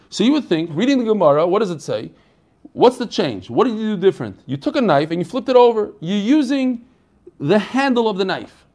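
A man's voice: high-pitched, a little mellow. A man teaching an online Talmud class in a casual, chatty way, asking questions and answering them himself.

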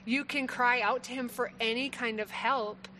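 A woman's voice: a little high, steady tone, normal speed, sharp tone, a little hiss or hum, rough recording. A woman co-hosting a faith talk, affirming and conversational as she builds on her partner's points.

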